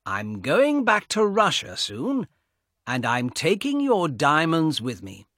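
A cold, greedy young man drawls his words slowly and mockingly, as a narrator puts him on. The voice is lifted above the reader's own, breathy and dry. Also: on the high side, huge pitch swings, fairly bright tone, no echo, voice pushed up, full character voice. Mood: taunting. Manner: slow, taunting, raised voice.

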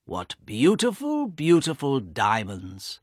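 A cold, greedy young man drawls his words slowly and mockingly, as a narrator puts him on. The voice is lifted above the reader's own, breathy and dry. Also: medium pitch, huge pitch swings, no echo, exaggerated voice. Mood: taunting. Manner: slow, taunting, raised voice.

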